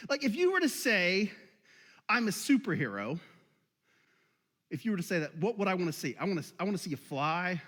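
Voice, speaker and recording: A man's voice: high-pitched, expressive, fast, few pauses, a bit bright, big-room sound. A man preaching a casual sermon, joking and laughing often, with many restarts. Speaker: pastor. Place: church hall.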